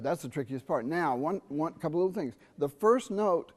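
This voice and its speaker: Middle-aged man teaching a trumpet masterclass. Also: on the high side. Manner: animated, sings rhythms and asks students quick questions. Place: university theatre.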